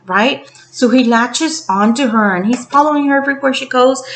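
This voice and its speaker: A woman tarot reader casually retelling a story to the camera in an animated way, acting out the quotes. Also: fairly high pitch. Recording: roomy echo.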